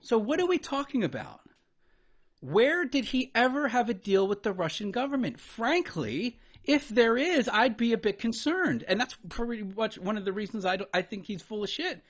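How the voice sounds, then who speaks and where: He reacts to a debate clip with a high voice and big pitch swings, swearing, incredulous and exasperated, speaking over the clip whenever it's paused.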